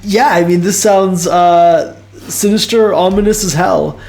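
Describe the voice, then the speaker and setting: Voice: medium pitch, steady tone, measured pace, a little mellow. A podcast host interviewing a guest, curious and asking follow-up questions.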